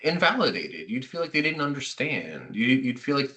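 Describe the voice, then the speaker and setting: A man's voice: medium pitch, normal speed. A middle-aged man, a therapist, giving a conversational webinar talk to parents and acting out quoted remarks. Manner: conversational, animated, acts out quotes. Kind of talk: webinar presentation.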